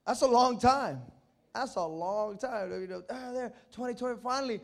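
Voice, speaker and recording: A man preaching a sermon, telling childhood stories and acting out the voices with shouts. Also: sits high, brisk, slight background noise. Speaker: pastor. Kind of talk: sermon with storytelling. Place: church.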